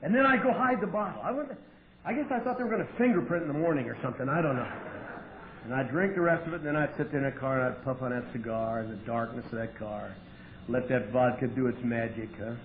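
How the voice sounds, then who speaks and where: A man's voice: mid-range voice, fast talker, crowd noise. Wry profane man on tinny old tape. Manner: wry, profane, animated storyteller with sudden loud outbursts. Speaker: AA meeting speaker. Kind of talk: storytelling talk at a recovery meeting. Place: meeting hall with audience. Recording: tinny lo-fi 1988 tape with faint hiss.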